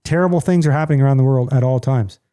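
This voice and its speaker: A middle-aged man hosts a casual podcast from home, talking very fast in a medium-pitched, dark voice. He's blunt and ranting but has a joking streak.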